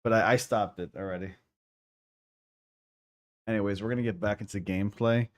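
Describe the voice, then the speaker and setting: A man's voice: fairly low pitch, fairly even intonation, moderate pace. A man chatting casually as a game streamer, rambling, apologetic and goofy. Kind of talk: casual livestream chat.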